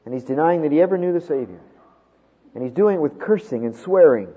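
A man preaching a sermon, with dramatic swings from loud emphasis to hushed tones. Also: fairly high pitch, animated, a little fast, slightly rough. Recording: tinny phone-like sound with long hall reverb.

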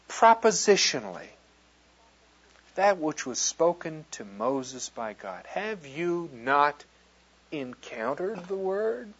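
Animated man preaching a sermon, lo-fi. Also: fairly high pitch, slow, slightly rough. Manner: animated, quoting scripture and joking with the audience. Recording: dull lo-fi sound.

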